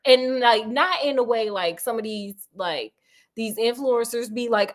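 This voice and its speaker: A woman with a slightly high voice retelling a classic tale in a loose, chatty way. She drifts into asides and slang as she talks, like a host chatting with a friend. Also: measured pace. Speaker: storytelling host. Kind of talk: casual retelling of a classic story.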